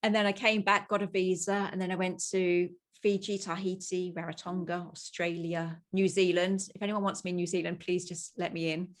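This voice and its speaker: British woman, guest, low-pitched, chatty and laughing easily. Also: level tone, brisk, few pauses. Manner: chatty, self-deprecating, laughs often. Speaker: podcast guest. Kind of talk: casual interview chat.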